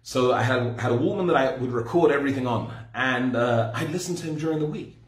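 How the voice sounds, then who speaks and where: A man's voice: medium pitch, brisk, reverberant. A man in his forties from England with an English accent, telling his personal story in a rambling, conversational way with frequent self-corrections. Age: 40s. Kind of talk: personal testimony talk.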